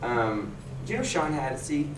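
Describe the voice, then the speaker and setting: Expressive man in a noisy echoing hall. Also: unhurried. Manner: expressive, swings from low mumble to loud laughing bursts. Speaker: actor, convention panelist. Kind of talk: casual anecdote telling. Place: convention hall. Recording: echoey hall, distant mic, loud background noise.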